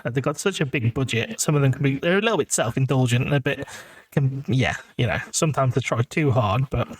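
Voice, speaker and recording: A man's voice: medium pitch, brisk, breathy edge. Jokey English man co-hosting a podcast. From England. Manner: jokey and sarcastic, full of asides. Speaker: podcast co-host. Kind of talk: casual chat.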